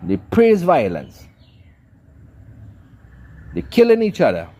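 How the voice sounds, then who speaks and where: A man's voice: sits high, wildly swooping pitch, slow pace, warm tone. A man giving a scolding, preacherly commentary rant. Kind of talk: ranting commentary monologue.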